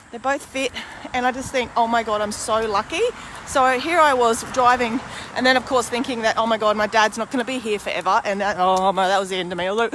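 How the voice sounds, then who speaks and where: This vlogger and podcaster, a woman in her 40s, has a fairly high, fairly bright voice, recorded with slight background noise. She rambles casually and openly to the camera, now and then swearing mildly.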